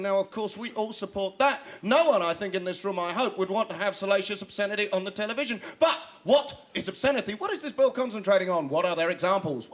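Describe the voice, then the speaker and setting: A man's voice: high-pitched, fairly bright tone. A man hosting a comedy show, delivering a sardonic, ranting stand-up monologue.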